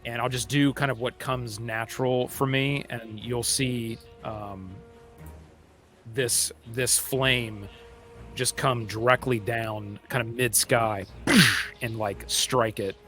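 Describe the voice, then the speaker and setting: A man's voice: mid-range voice, steady tone, takes it slowly, pushed and bright, faint music behind. A man playing in a tabletop game, thinking aloud hesitantly as he explains what his character does. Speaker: player.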